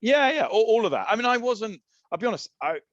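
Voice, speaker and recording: A man's voice: high voice, fast talker, dry recording, highs cut off. A man with an English accent, a podcast guest telling long, laddish stories in casual chat. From England. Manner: rambling, laddish, animated storyteller. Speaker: podcast guest, former rugby player.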